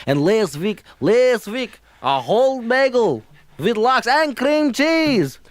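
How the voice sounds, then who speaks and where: A man's voice: very high voice, very animated, takes it slowly, no room sound, exaggerated voice. A frantic accented father. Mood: exasperated. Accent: Yiddish-inflected English. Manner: rambling, exasperated, pleading. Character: fretful immigrant father with heavy accent. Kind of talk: comedy album sketch.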